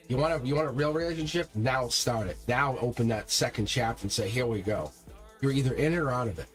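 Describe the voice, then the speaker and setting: Emphatic man giving a tarot reading. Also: medium pitch. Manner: energetic, emphatic, talks straight to viewers. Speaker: tarot reader. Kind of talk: live-stream tarot reading. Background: faint music.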